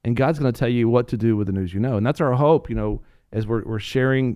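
A man co-hosting a faith talk show, rambling along with jokes and constant restarts. His voice sits at an everyday middle pitch and sounds dry, with no room echo. He tells his stories with animated energy. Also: fast talker, clear, resonant tone. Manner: rambling, jokey, many fillers and restarts; animated storytelling. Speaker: co-host. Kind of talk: Christian talk show chat.

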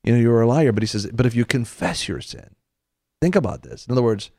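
A man's voice: medium pitch, sing-song, fast, gravelly, darkish tone, no room sound, studio quality. A middle-aged man hosting a Christian show, preaching in an earnest, conversational way that often restarts its sentences. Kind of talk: preaching talk-show segment.

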